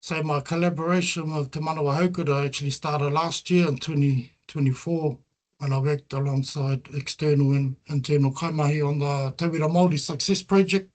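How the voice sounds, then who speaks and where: Earnest New Zealand man, fairly high voice. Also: a little mellow. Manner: earnest and reflective, weaving Māori terms into English. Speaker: researcher presenting his work. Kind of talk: presentation talk with slides.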